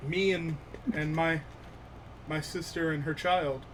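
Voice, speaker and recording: A man voicing a halting, fearful goblin survivor. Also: a little high, fairly even intonation, a bit bright, slight background noise, rough recording. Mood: grieving. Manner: broken, halting speech.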